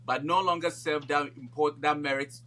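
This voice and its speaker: A man's voice: fairly high pitch, fairly even intonation, moderate pace, bright, forceful tone. A man from Ghana co-hosting a podcast in casual chat, laying out his views at length and often checking in with "you know". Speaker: podcast co-host.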